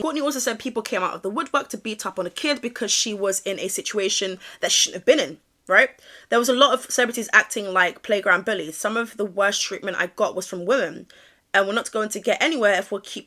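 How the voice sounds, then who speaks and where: A woman's voice: fairly high pitch, sharp tone. A woman giving gossip commentary as a vlogger, sassy and exasperated, reading posts aloud and reacting dramatically.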